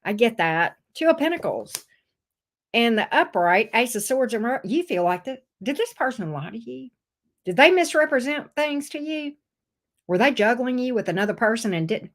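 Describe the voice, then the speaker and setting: A woman giving a casual tarot reading to camera, expressive and swearing freely as she acts out the viewer's voice. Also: fairly high pitch, normal speed. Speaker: tarot reader.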